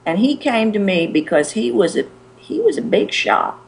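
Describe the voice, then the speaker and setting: A middle-aged woman, a presentation skills coach, giving animated and emphatic advice as a guest on a show. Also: mid-range voice, moderate pace, creaky. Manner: animated, emphatic, demonstrates pace with her voice.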